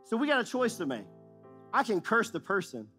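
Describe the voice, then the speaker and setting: A man's voice: sits high, huge pitch swings, a little fast, bright, forceful tone, soft background music. A middle-aged male pastor preaching a sermon in a church, emphatic and repetitive, asking the audience questions. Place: church auditorium.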